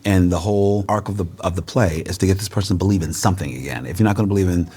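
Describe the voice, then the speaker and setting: A middle-aged man, a guest in a casual interview over a meal, telling lively stories and acting out the voices of the people in them. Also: low voice, rapid-fire, breathy edge. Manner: animated storyteller, acts out quoted voices.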